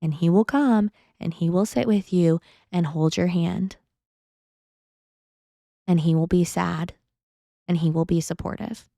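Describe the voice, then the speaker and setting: A woman's voice: fairly low pitch, a little slow, creaky, long pauses, dark tone, no echo, studio quality. A woman in her thirties, a podcast guest, telling a personal story casually, acting out other people's lines and laughing often.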